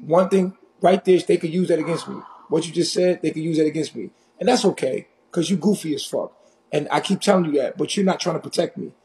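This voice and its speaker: A man from Harlem with a New York accent, ranting intensely and confrontationally on a live stream, loud and in your face. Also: a little high. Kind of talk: heated live stream rant.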